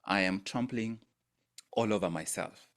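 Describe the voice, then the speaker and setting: A man's voice: lowish voice, a little slow, a bit bright. A man coaching an online mindset workshop, speaking emphatically and repeating phrases for effect. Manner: emphatic, repeats phrases for effect, rises sharply on quoted lines. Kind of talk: teaching talk. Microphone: video call.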